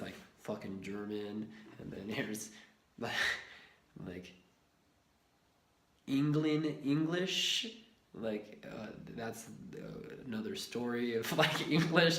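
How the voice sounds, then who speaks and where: A man's voice: mid-range voice, a bit bright. A young man telling a rambling personal story in a casual vlog, swearing freely and laughing often. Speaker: lifestyle vlogger. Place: shared house in a ski town. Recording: echoey room.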